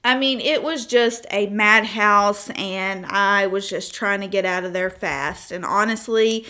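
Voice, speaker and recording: A woman's voice: medium pitch, a little slow, hardly any pauses, pushed and bright. A 25-year-old woman chatting casually through a makeup tutorial, telling stories with asides and laughs. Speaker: beauty vlogger.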